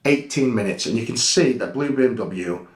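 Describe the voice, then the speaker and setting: A man's voice: mid-range voice, expressive, moderate pace, reverberant. A man telling a story over security footage in a blunt, heated way, swearing freely. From England. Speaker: guest recounting an incident.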